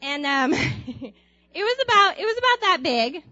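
A young woman telling a personal anecdote aloud in an animated way, laughing often and acting out screams. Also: very high voice, unhurried, no room sound, muffled recording, faint music behind. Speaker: storyteller.

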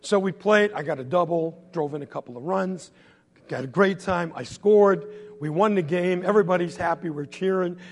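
Man, comic storyteller, high creaky voice, husky, animated, long hall reverb. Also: normal speed. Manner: animated, swings between loud bursts and hushed asides. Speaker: comedian.

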